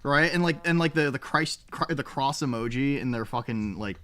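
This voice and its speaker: A man's voice: mid-range voice, normal speed, pushed and bright. A young man streaming live, chatting casually with his chat in a rambling, profane way.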